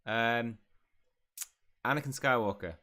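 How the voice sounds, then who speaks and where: A man's voice: medium pitch, takes it slowly, pushed and bright. A man hosting a let's-play, commenting playfully and reading the game's dialogue aloud. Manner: playful, voices each character in turn. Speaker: gaming channel host.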